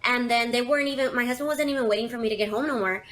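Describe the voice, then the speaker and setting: A young woman tells a dramatic confession story as if it were her own. She talks casually and fills it with lots of "like"s, and her voice sits a little high and sounds bright and sharp. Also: rapid-fire. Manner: chatty, dramatic, many fillers. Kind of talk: casual first-person storytelling.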